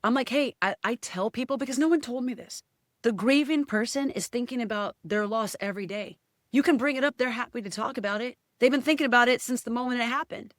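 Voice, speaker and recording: A woman's voice: on the high side, no room sound. Candid woman guest, dry close sound. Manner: emotional, candid, quick to quote others. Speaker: podcast guest. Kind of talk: casual chat. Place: podcast studio.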